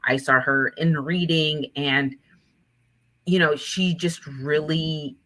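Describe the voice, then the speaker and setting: A woman, an author and teacher, telling animated stories in an interview and acting out what her students said. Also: low-pitched, slow pace. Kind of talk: conversational interview storytelling.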